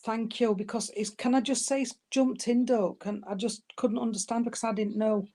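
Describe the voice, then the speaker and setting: Mellow-voiced woman giving spirit readings. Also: a little high, steady tone, moderate pace. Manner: warm, calls people darling and sweetheart. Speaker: spiritualist medium. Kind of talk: giving spirit messages at an online service.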